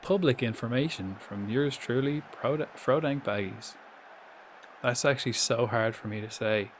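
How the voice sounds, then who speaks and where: A man's voice: mid-range voice, moderate pace, a little hiss or hum. A young Irish man chatting casually on his live stream, swearing freely and coaching viewers through pronunciations. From Ireland.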